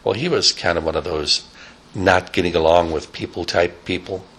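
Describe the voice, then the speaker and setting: A man telling a rambling, improvised story, animated, with sound effects and casual asides. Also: deep voice, moderate pace, breathy edge.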